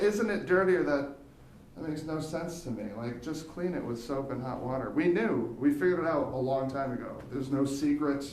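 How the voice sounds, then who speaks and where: Animated stand-up comic, echoey theater. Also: male voice, normal speed, far from the mic. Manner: animated, jumps into high squeaky voices for quoted people. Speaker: stand-up comedian. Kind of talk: stand-up comedy set. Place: theater stage, live audience.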